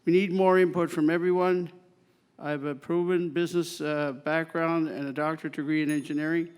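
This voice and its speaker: A man's voice: on the high side, level tone, brisk, smooth. A man from Cape Breton running for mayor gives a pointed, sardonic opening statement, stressing key words. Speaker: mayoral candidate. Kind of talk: prepared debate statement. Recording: long reverb in a convention hall.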